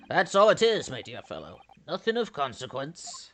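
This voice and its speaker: A man's voice: huge pitch swings, normal speed, a bit bright, slight background noise. Man putting on a gloomy whispery detective. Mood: despairing. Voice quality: low breathy half-whisper. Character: gloomy, weary male detective, theatrical.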